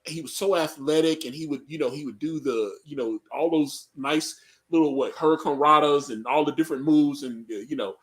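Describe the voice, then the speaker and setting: A man's voice: a little high, brisk. A man co-hosting a casual live reaction chat, rambling and joking with frequent laughs. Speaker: podcast co-host.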